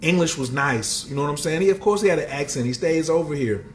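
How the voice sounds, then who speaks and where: Man hosting a motivational livestream, slang-heavy, higher voice, lively swings in pitch. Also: fast talker. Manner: streetwise slang, greeting viewers in chat. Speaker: livestream host and motivational speaker.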